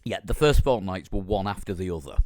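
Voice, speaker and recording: A man hosting a casual podcast with a croaky, strained voice, joking and laughing often between his ums. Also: sits low, lively intonation, brisk, darkish tone, dry recording, clean studio sound. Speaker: podcast host.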